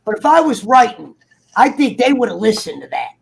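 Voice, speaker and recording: A man in casual, heated chat, swearing freely and acting out characters in quick asides. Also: high-pitched, gravelly, breathy edge. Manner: profane, animated, acts out characters in quick asides. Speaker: guest on a TV review talk show.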